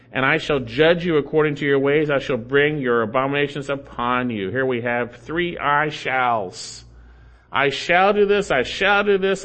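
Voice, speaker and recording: A man's voice: fairly high pitch, a bit bright. A man preaching an expository sermon, explaining the Hebrew text and repeating key phrases with rising emphasis. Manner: explains Hebrew grammar in a teaching tone. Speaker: pastor.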